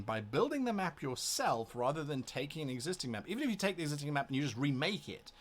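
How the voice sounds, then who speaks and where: A man who runs a tabletop game talks casually to camera before a session, thinking aloud as he explains how he prepares. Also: fairly high pitch. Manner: thinking aloud, explaining his prep methods. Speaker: game master.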